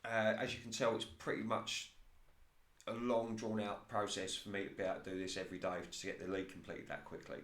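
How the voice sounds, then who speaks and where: A man commentating casually over his own football management game in play-by-play style, getting excited at near misses and laughing at his own slips. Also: fairly low pitch, a little fast, reverberant.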